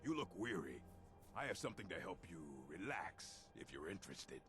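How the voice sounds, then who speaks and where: A very deep, hushed merchant who offers his goods with smooth, conspiratorial charm. His pitch swoops widely though the voice sits low, and faint music hums under the game audio. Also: sing-song, normal speed. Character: shady male drug-dealing game merchant.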